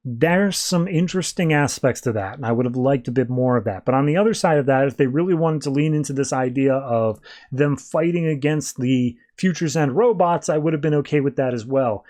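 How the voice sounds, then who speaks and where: A man's voice: mid-range voice, a little fast, few pauses, a little mellow. A podcast host, a man, casually reviewing comic books in a chatty, rambling way that often corrects itself.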